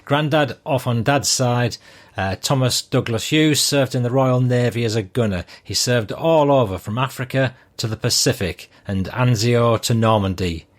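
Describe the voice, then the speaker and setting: An older man hosting a podcast, reading listener messages aloud in a relaxed, conversational way. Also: mid-range voice, moderate pace. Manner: relaxed, conversational, with frequent ums. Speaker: podcast host.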